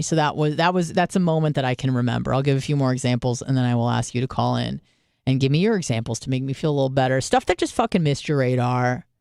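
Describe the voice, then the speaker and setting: A woman's voice: a bass voice, a little mellow, clear, resonant tone, no room sound, studio quality. A woman in her twenties, a radio host, telling a candid, self-deprecating story with plenty of swearing. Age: 20s. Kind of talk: casual monologue.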